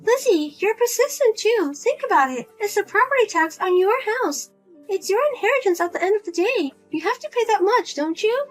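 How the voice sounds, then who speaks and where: A woman's voice: very high voice, lively intonation, fairly quick, soft background music. A woman voicing a pushy middle-aged mother who nags and guilt-trips her grown daughter. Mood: nagging, whiny. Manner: nagging, pleading, guilt-tripping.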